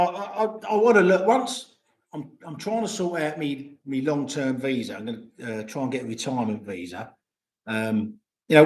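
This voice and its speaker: A man's voice: a little high, a little mellow. An older man, chatting casually and rambling to viewers on a livestream, swearing freely. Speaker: vlogger. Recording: roomy echo.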